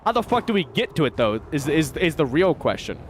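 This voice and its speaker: Excitable American man streaming a game. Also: on the high side, a little fast, noisy background. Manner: excitable, swearing, chatty with viewers. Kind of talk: live gameplay commentary.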